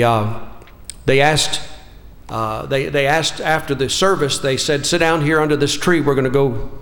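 A man preaches a folksy sermon, his fairly high voice ringing through a church hall with a long echo. He tells stories, restarts his sentences and drops in amens as he goes.

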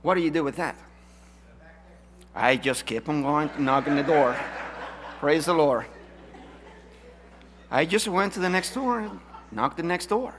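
A man preaching a sermon, emphatic, swinging from loud declarations to hushed asides. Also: a little high, lively intonation, measured pace, long pauses, background noise.

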